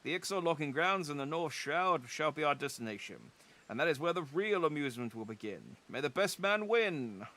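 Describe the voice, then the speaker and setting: A man's voice: a little high, animated, normal speed, bright, forceful tone, pitched above the performer's own voice. A man voicing a smug male rival in a video game, speaking in a theatrical, taunting, raised tone. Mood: gloating.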